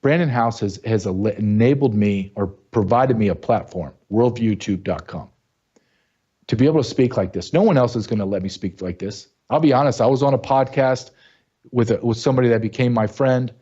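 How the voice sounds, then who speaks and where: A man hosting his own show, delivering a blunt, angry commentary monologue that keeps rising into sharp outbursts. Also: medium pitch, normal speed, husky, lo-fi sound. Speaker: show host.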